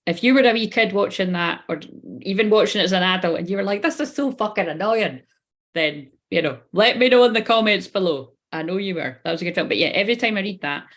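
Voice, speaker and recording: A woman in her thirties giving a live-streamed card reading, rambling, swearing casually and talking straight to her viewers. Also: fairly low pitch. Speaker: spiritual reader.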